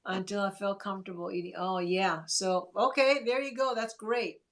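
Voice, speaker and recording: A woman's voice: medium pitch, fairly even intonation, normal speed. A woman hosting a casual livestream, chatting in an encouraging way and reading viewer comments aloud. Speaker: livestream host.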